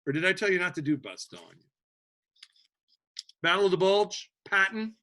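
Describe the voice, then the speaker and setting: Lively, bright-voiced male history teacher. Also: high voice, moderate pace. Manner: animated, joking, with many restarts. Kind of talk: classroom lecture.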